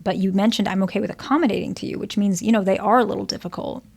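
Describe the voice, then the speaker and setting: A woman's voice: mid-range voice, very fast, creaky, darkish tone, husky. A woman therapist giving relationship advice, explaining patiently and checking in often with "okay?" and "right?". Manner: explains patiently with example dialogues. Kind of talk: advice monologue to camera.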